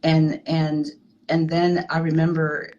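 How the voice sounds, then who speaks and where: A woman candidly telling a personal story in a halting way, often restarting her sentences. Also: deep voice, flat delivery, a little mellow, highs cut off, slight background noise. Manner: halting, frank, with many restarts. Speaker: guest sharing a personal story.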